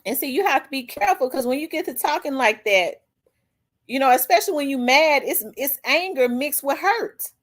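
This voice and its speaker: A middle-aged woman, hosting a vlog and telling a story in a blunt, profane, animated way. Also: high voice, normal speed. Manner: blunt, profane, animated, acts out quoted people. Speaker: vlog host. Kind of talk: candid storytelling monologue.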